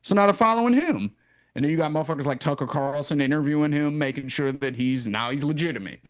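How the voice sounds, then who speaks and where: A man hosting a casual podcast chat, ranting in a profane, animated way. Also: fairly high pitch, fast talker, dry recording, clean studio sound. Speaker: podcast host.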